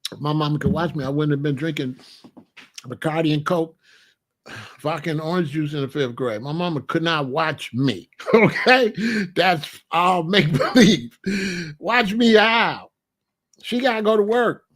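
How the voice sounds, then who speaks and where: A man hosting a comedic monologue, an animated, profane storyteller who laughs often. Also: fairly high pitch, normal speed. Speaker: podcast host.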